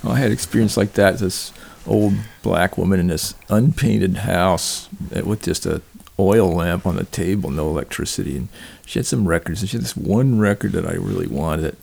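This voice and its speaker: Older man, record collector type, very gravelly and husky, chatty and lively. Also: low-pitched, moderate pace. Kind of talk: casual chat.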